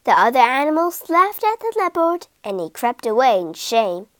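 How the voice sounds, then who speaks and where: A woman reading an animal story aloud for English learners, in a slow, clear and expressive way. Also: sits high, dry recording.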